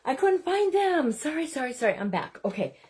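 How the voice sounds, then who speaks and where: A woman's voice: high voice, big pitch swings, fairly quick, darkish tone. Chatty woman hosting a craft livestream. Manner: chatty, keeps addressing viewers as "you guys"; self-deprecating and apologetic. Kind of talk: casual livestream chat.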